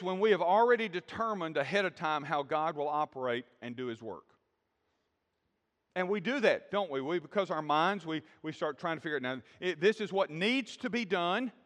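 A man's voice: high-pitched, fairly bright tone. A man preaching a sermon and asking the congregation questions as he talks. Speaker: pastor. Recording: long hall reverb.

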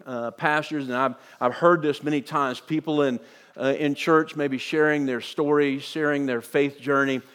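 A man's voice: fairly high pitch, steady tone, normal speed, a bit bright, smooth. A male pastor preaching a sermon, reading scripture aloud and breaking in with emphatic asides.

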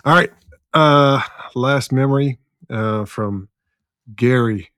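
A man hosting a casual interview, unhurried and reading out shared memories with frequent ums. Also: mid-range voice, fairly bright tone, dry recording, clean studio sound. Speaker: podcast host.

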